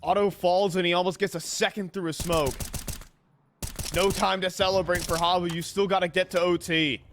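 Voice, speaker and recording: A man casting an esports match play-by-play, building to excited shouts on big plays. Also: high voice, moderate pace. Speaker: esports caster. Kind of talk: live play-by-play commentary. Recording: game audio and noise behind. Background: game gunfire.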